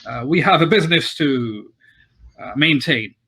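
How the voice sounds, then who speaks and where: A man's voice: a little high, animated, a little slow, a bit bright, slightly rough, exaggerated voice. A man voicing a hesitant, polite male tavern keeper in a tabletop game. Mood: flustered.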